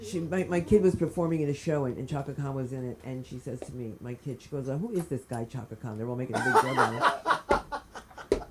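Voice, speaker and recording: Low-voiced brassy woman comic. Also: animated, a little fast, very noisy. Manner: loud, brassy storytelling. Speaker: stand-up comic. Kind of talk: open-mic stand-up set. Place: comedy club stage.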